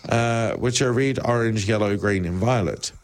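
A man's voice: fairly low pitch, normal speed. A man presenting a chat show, reading news stories aloud with laughing asides and bursts of mock panic. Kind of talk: casual chat show banter. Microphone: studio microphone.

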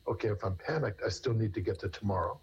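Male therapist guest, low husky voice, rambling and restarting; dull lo-fi recording. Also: fast talker. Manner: rambling, restarts with repeated words. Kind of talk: interview answers.

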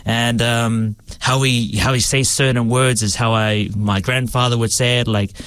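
A man's voice: mid-range voice, fairly even intonation, a little slow, a bit bright, smooth. A young man, a stage actor answering interview questions in a hesitant way, with many fillers and restarts.

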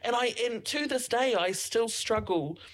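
A woman's voice: a little high, measured pace. A woman co-hosting a podcast, casual and supportive, often chiming in to agree. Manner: supportive, frequent agreeing interjections. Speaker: podcast co-host. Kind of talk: casual interview chat.

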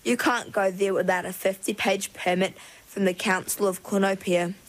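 A woman's voice: medium pitch, fairly even intonation, moderate pace, lightly acted, rough recording. A woman voicing reluctant young mergirl Ringlet. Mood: grumbling.

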